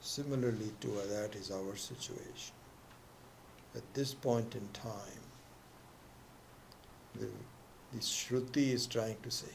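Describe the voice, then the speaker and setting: A man's voice: lowish voice, gravelly, slight background noise. A man teaching a scripture class, telling a story with many restarts and acting out its voices. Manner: storytelling, acts out quoted voices; halting restarts. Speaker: spiritual teacher.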